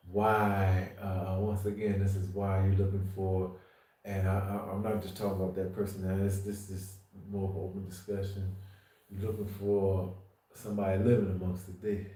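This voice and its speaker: A man preaching informally on a livestream, rambling and restarting, swinging from quiet asides to emphatic declarations. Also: on the low side, heavy reverb. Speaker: faith livestream host.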